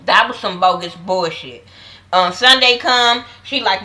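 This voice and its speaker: A woman's voice: on the high side, lively intonation, normal speed, bright, forceful tone, low-quality recording. A woman giving a blunt, profane, slang-heavy casual review of a reality TV episode. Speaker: reality TV recap vlogger.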